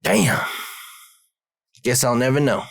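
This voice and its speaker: A man's voice: medium pitch, lively intonation, takes it slowly, creaky, no echo, clean studio sound. A man casually telling a profane, streetwise story about a deal that went wrong.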